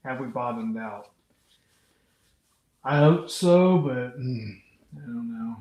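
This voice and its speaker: A man's voice: medium pitch, takes it slowly, echoey room, muffled recording. A man hosting an unscripted livestream, chatting casually and reading out viewers' comments as he rambles. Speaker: livestream host. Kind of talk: unscripted live chat with viewers.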